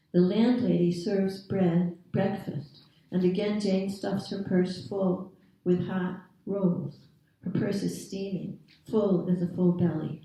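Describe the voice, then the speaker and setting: A woman author reading her own prose aloud at a literary event, in a measured, deliberate storytelling manner. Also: fairly low pitch, vocal fry, dark tone. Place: reading series venue. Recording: very echoey room, distant mic.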